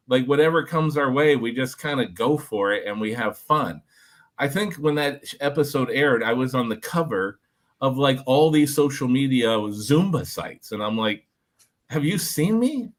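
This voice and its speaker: A former reality show contestant, a man, telling an animated story to a group, talking with lots of fillers and "like". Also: medium pitch. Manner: energetic, filler-heavy, lots of "like".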